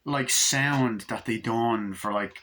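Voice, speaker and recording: Guy reviewing an old horror flick, bright voice, cursing a lot, super animated. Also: mid-range voice, slow pace, a little hiss or hum. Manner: animated, swears a lot, acts out scenes. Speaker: movie reviewer. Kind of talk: casual movie review vlog.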